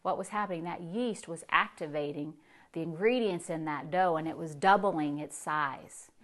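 A woman pastor delivering a sermon, telling a story in a voice that drops low and then rises with emphasis. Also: moderate pace. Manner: storytelling preacher, swings from hushed to emphatic.

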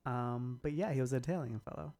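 An American man co-hosts a podcast, talking fast at a medium pitch. It's a casual chat where he jokes around and tells lively stories.

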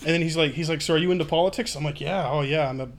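A man's voice: a little high, racing, a little hiss or hum. A man in his twenties telling a story in casual chat, swearing freely and acting out what others said. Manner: swearing, laughing, acts out quotes.

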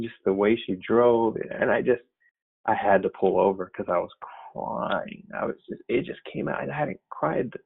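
A man's voice: mid-range voice, vocal fry, breathy edge. A man sharing an earnest, reflective personal faith story, talking loosely with many fillers. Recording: tinny phone-like sound.

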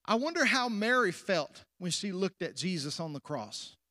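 A man preaching a sermon, asking the congregation questions, rushing ahead at times and then slowing and dropping to hushed endings. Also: sits high, very animated, dry recording, studio quality. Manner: preaching with sudden rushes and drawn-out, hushed endings. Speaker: pastor.

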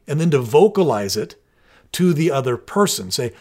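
A man's voice: fairly high pitch, sing-song, moderate pace, a little mellow. Middle-aged male co-host, earnest and chatty, explains in steps. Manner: earnest, explains step by step with many restarts. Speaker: parenting podcast co-host. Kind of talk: casual conversational explaining.

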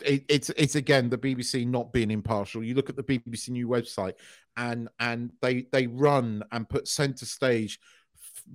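Man, middle-aged, podcast co-host, blunt sweary rants, mid pitch, dry close sound. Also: no room sound. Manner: blunt, sweary, animated ranting. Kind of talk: casual chat.

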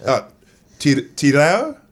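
Kiwi male host, animated pitch, swears and laughs a lot, loose banter. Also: slow. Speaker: podcast host. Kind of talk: casual chat.

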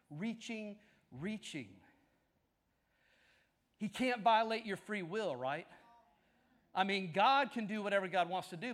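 Delivering a sermon to his congregation, a drawling preacher with a remarkably high voice tells animated stories. His energy climbs until he's shouting excitedly at the peaks, then he eases back down.

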